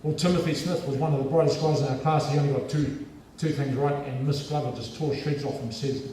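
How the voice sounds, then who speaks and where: A man with a New Zealand accent tells a lively, humorous story to a school assembly, at a middle pitch. His voice booms around a large, echoey hall and is caught from a distance, with faint hall noise behind. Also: brisk. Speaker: guest speaker at a school assembly. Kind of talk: storytelling speech.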